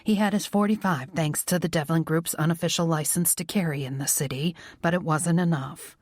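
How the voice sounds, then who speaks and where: Soft-spoken woman narrating a romance. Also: deep voice, brisk, no room sound, clean studio sound. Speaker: audiobook narrator. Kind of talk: scripted narration.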